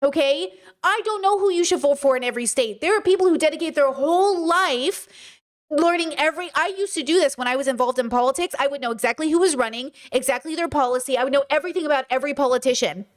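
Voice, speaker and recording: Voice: sits high, quick pace. A livestream host delivering an impassioned, profane lecture to viewers and answering chat comments along the way.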